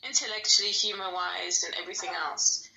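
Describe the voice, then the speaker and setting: A woman's voice: lowish voice, steady tone, brisk, gravelly, bright, forceful tone, low-quality recording. A woman in a casual chat, speaking candidly and chattily and swearing freely.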